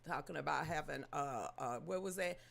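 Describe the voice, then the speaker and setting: A woman with a Southern US accent hosting a casual livestream chat, greeting viewers by name, gossiping and teasing as she breaks into loud laughter. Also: low voice, moderate pace, creaky. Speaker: livestream host.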